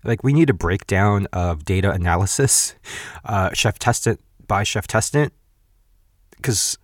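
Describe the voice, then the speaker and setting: Chatty and quick to laugh, this podcast host in his thirties recaps a cooking show in a relaxed way, tossing in blunt asides. He speaks unhurriedly in a lowish voice with lively intonation, recorded cleanly in a studio with no echo.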